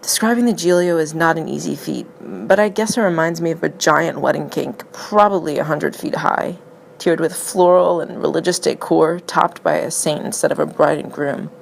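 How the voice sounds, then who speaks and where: A woman reading a personal narrative essay aloud in a wry, excitable storytelling manner. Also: low voice, moderate pace, gravelly, slight background noise, poor audio.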